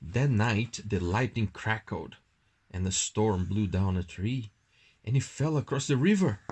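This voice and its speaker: A man reads a bedtime story aloud at home, slow and singsong. His voice is husky and breathy, with a lively rise and fall on every line. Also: on the low side. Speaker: parent reading to a child.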